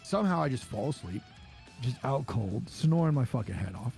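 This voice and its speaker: Animated and a little mellow, with vocal fry, this man speaks at normal speed over soft background music. He's co-hosting a podcast in casual conversation, full of swearing and stories where he does higher-pitched voices for those he quotes.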